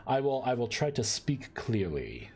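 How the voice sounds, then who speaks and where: A man streaming live as he codes a game mod, thinking aloud in a halting way and often repeating words. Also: mid-range voice, wildly swooping pitch, darkish tone, husky, soft background music. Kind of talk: live-stream coding commentary.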